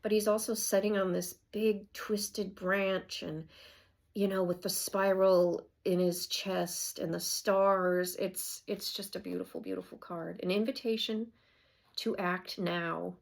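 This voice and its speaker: Gravelly-voiced woman in her fifties reading cards. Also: mid-range voice, level tone, a little slow. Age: 50s. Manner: reads card text aloud then rambles about it. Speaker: oracle card reader. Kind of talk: casual oracle card reading.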